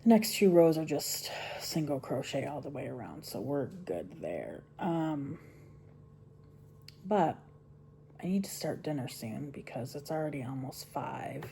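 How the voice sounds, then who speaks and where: Low-pitched, mellow middle-aged woman, homestead vlogger, chatty and rambling, faint hiss. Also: lively intonation, unhurried, creaky. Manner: rambling, chatty, trailing off into soft mumbles. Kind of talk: casual chat while crocheting. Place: home.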